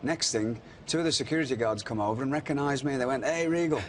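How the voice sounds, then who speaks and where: A man's voice: mid-range voice, fast, slight background noise. A middle-aged man, telling wrestling anecdotes in casual chat and acting out the quotes. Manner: animated anecdotes with acted-out quotes. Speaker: wrestling podcast guest. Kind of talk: casual storytelling.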